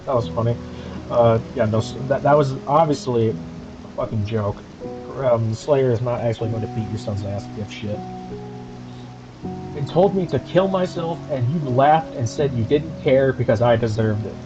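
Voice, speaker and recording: Streamer host, male, mid pitch, sweary sarcastic rant over music, dull lo-fi desk mic. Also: normal speed. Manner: angry, profane, sarcastic. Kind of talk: ranting commentary stream.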